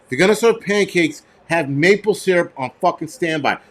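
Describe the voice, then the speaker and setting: Profane ranting man, fairly high voice. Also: animated, fairly quick, fairly bright tone. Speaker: host. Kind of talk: casual livestream chat.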